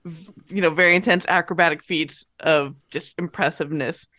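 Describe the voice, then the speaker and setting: A woman player in a tabletop role-playing game, describing characters in a thoughtful, unhurried way. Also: low-pitched, fairly even intonation, bright, forceful tone, no echo, studio quality.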